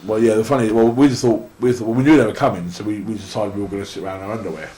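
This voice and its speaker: English guy, really low voice, rambling interview stories, echoey room. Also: steady tone, racing, a crowd in the background. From England. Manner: rambling anecdotes full of restarts and laughter. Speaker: interview guest, wrestler. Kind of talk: casual storytelling.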